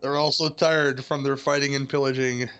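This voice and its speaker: A man's voice: medium pitch, level tone, normal speed, fairly bright tone, clear, resonant tone, lo-fi sound, faint music behind. A man co-hosting a casual film commentary podcast, wisecracking and laughing a lot. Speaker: podcast co-host.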